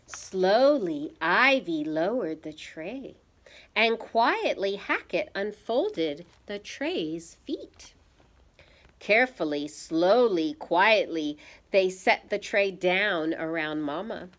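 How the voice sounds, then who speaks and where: A woman reading a picture book aloud to young children, pausing to ask them gentle teacherly questions. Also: mid-range voice, lively intonation. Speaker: storyteller for children.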